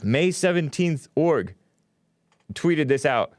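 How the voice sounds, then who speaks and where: A man's voice: fairly high pitch, expressive, slow, a little mellow, dry recording. A man hosting a talk show, delivering a rambling, opinionated monologue with frequent restarts. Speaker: host.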